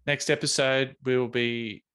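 A man's voice: medium pitch, fairly even intonation, measured pace, fairly bright tone, clean tone. Man, podcast co-host, jokey, rambling, casual chat.

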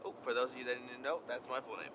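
A man's voice: mid-range voice, fast. Chatty young man telling a story outdoors. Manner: animated, chatty, slangy. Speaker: vlogger. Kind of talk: casual storytelling. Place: outdoors by a road, windy. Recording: lo-fi outdoor recording with traffic noise. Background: wind and passing traffic.

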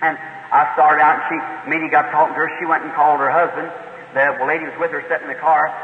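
Male preacher with a slightly high voice, tells homespun stories in plain country grammar, thin lo-fi recording from a reverberant hall. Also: level tone, very fast, a little hiss or hum. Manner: folksy plain-spoken storytelling with rural grammar, building to fervent emphasis. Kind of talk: storytelling sermon. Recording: tinny lo-fi recording in an echoey hall.

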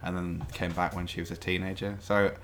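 A man's voice: sits low, little pitch movement, fairly quick, a bit bright, slight background noise. A man from Blackpool, chatting casually, rambling, swearing freely and laughing often. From Blackpool, England. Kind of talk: casual chat.

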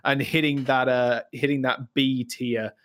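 A man's voice: medium pitch, level tone, unhurried, a bit bright. A man giving esports predictions in a casual panel chat, hesitant and restarting phrases.

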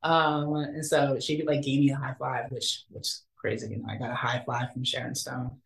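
A young man, an actor, telling a story in a casual interview, animated and acting out the quotes. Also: moderate pace, vocal fry. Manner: animated, acts out quotes with big pitch jumps. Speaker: actor guest. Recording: roomy echo.

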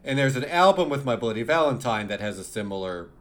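A man co-hosting a music podcast in relaxed conversation. He laughs often and stumbles into repeated words as he talks. His voice sits in an ordinary middle pitch. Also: fast talker. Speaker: podcast co-host. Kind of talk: casual chat.

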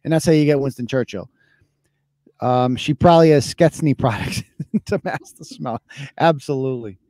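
A man's voice: mid-range voice, normal speed, warm tone, no echo. A man in his thirties hosting a live podcast, ranting in a casual, profane and mocking way. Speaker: podcast host. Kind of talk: casual live-show rant.

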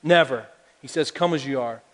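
A man's voice: mid-range voice, normal speed. A male pastor preaching a sermon, talking conversationally and building to emphatic appeals. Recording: long hall reverb.

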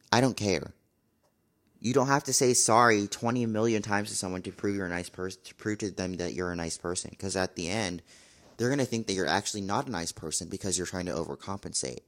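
A man's voice: fairly low pitch, normal speed, fairly bright tone. A young man talking casually to camera in a vlog, blunt and exasperated, repeating his complaints. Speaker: vlogger.

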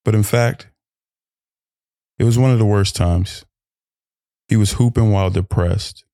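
A male podcast host with a lowish voice rambles through his intro in a loose, joking way, catching and correcting his own words as he goes. The sound is close and dry, recorded in a hotel room. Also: gravelly, darkish tone, no room sound. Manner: playful, rambling and self-correcting.

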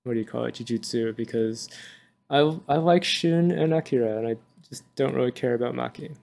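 A man co-hosting a podcast in casual chat, relaxed, laughing often and adding quick jokes. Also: medium pitch, creaky. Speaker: podcast co-host. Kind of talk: casual chat about manga.

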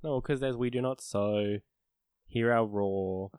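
A young man co-hosting a casual podcast, explaining things with wry, deadpan corrections. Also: medium pitch, takes it slowly, slight background noise. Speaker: podcast co-host.

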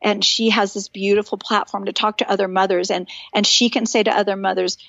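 A middle-aged woman, a guest on a podcast, telling stories in an animated, earnest and encouraging way. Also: medium pitch, a little fast, vocal fry, no echo, highs cut off. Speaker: podcast guest, author and speaker. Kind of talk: casual chat.

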